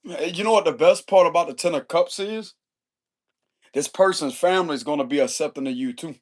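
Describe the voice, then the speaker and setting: A man's voice: on the high side, fairly quick. A man giving a casual tarot reading in loose, profane, slangy chat, chuckling often. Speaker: tarot reader.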